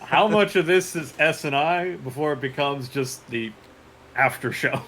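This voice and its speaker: A man's voice: a little high, fairly even intonation, measured pace, a bit bright, a little hiss or hum, rough recording. Wry teasing man in a chat. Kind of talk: casual group chat.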